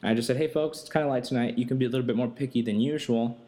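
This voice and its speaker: Man, young adult, podcast host, casual monologue, profane, animated storyteller, middle pitch. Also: very fast.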